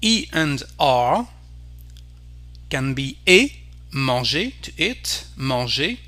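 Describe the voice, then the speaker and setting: A man with a French accent teaching pronunciation, saying each word slowly and carefully and repeating it for the learner. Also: on the high side, very animated, sharp tone. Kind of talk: pronunciation lesson.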